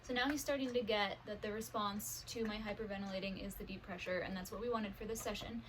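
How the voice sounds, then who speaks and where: A woman training her service dog at home, talking to the camera in a calm, practical way and praising the dog warmly. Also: medium pitch, fast talker, a little hiss or hum, rough recording. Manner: upbeat praise to dogs between calm explanations. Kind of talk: casual training vlog. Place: bedroom at home.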